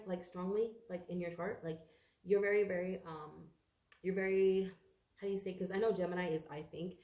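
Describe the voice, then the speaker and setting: A woman's voice: mid-range voice, warm tone, echoey room. A congested woman giving a casual tarot reading to camera, rambling, swearing freely and stumbling over her words. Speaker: tarot reader.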